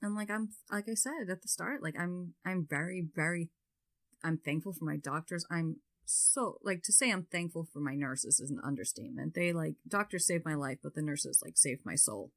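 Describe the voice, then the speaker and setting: A woman with a slightly low voice talks as a podcast guest in a loose, casual conversation. She leans on "like" and fillers constantly. She turns loud and animated when she gets into a story. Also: moderate pace. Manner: chatty, filler-heavy, frequent "like"; grows loud and lively when telling stories.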